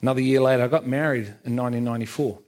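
A man's voice: mid-range voice, fairly even intonation, racing, darkish tone. A man giving a personal church testimony, frank and self-mocking, often laughing at himself. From England. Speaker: testimony speaker.

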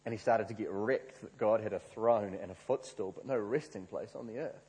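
A man preaching a sermon, telling a story with lively acted-out quotes. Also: fairly low pitch, moderate pace, husky. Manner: animated storyteller, acts out quoted prayers. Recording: reverberant hall.

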